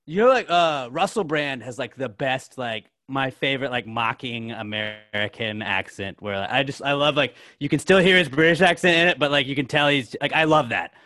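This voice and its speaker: Young male podcast co-host, rambling casual chat, mid-pitched, dry close recording. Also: normal speed, hardly any pauses, bright, forceful tone, dry recording. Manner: rambling, filler-heavy, lots of "like".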